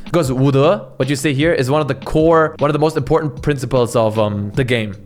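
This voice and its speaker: A man ranting bluntly and swearing a lot as he reacts to a video, with frequent restarts. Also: brisk. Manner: lively pitch swings, restarts. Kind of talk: profane reaction commentary.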